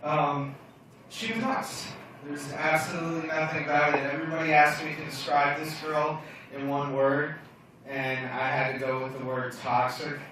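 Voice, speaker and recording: Brash young comedian in an echoey bar. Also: male voice, fairly high pitch, steady tone, normal speed, background noise. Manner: brash, profane, self-mocking storytelling. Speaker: stand-up comedian. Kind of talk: stand-up comedy set. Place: bar lounge stage. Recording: echoey bar room from far off.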